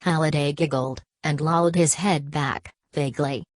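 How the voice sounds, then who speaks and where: A woman narrating an audiobook in a measured way, reading punctuation marks aloud. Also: deep voice, steady tone, no room sound. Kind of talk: scripted narration.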